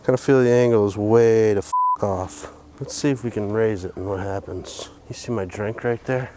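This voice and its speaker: Fixing a tractor for his DIY farm vlog, a man keeps up a profane, joking running commentary to himself. He speaks at a moderate pace in a warm, lowish voice, with slight background noise.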